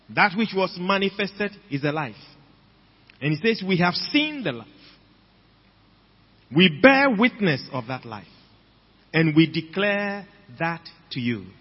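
A man with a Ghanaian accent preaching a sermon in a church, slow and emphatic, repeating phrases for the congregation. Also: fairly high pitch, husky. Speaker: pastor. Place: church hall. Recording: dull, lo-fi recording with long hall reverb.

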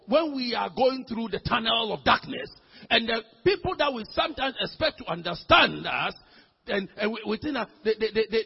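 A man preaching a sermon, swinging from shouts to low, intense lines and repeating words as he builds. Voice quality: husky, gravelly voice. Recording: dull lo-fi hall recording.

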